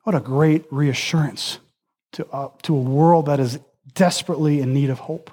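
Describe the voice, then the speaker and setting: Man, high voice, sermon, earnest, emphatic. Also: steady tone, moderate pace, a little mellow, husky. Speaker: preacher.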